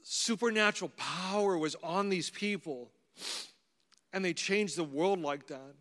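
A man's voice: high-pitched, measured pace. A middle-aged man, a pastor, telling personal stories in a conversational, humorous sermon. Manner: conversational, anecdotal, warmly humorous. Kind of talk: storytelling sermon. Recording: long reverb of a large hall.

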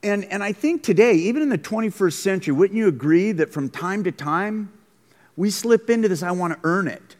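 A man's voice: high-pitched, lively intonation, a little fast, darkish tone. A man preaching a conversational, emphatic sermon as pastor, recorded in a school gym. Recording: long hall reverb.

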